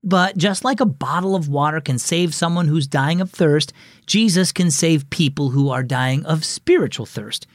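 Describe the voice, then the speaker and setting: A man's voice: a little high, normal speed, no room sound, studio quality. A man hosting a children's devotional show, reading scripted narration and speaking encouragingly to young listeners. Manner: warm, encouraging, addresses kids directly.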